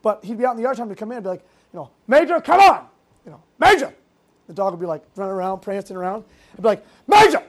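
Lively storytelling youth pastor preaching. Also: mid-range voice, racing. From Massachusetts, United States. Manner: lively storytelling with fillers and self-interrupting asides. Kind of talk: youth group sermon.

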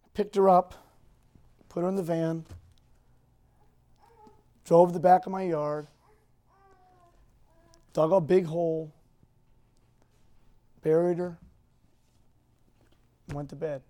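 A man speaking to a group, telling a personal story in a rambling, halting, emotional way. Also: on the high side, flat delivery, warm tone.

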